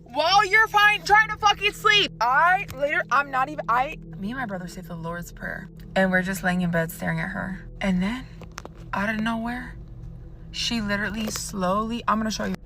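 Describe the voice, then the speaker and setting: A woman's voice: on the high side, normal speed, bright, forceful tone, slight background noise. A woman in her twenties telling a storytime vlog in a chatty, profane way, talking straight to the viewer.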